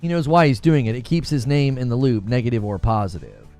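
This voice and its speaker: A man's voice: medium pitch, fairly quick, a little mellow, faint music behind. A man hosting a live gaming-news stream, talking emphatically, often stumbling and repeating himself, and reading chat questions aloud. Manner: emphatic, repetitive, stumbles over words.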